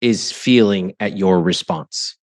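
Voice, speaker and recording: Low-pitched guy host firing off direct questions, dry close mic, no room sound. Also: no echo. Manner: direct, quick questions with affirming asides. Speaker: podcast host, money coach. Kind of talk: probing interview with a couple.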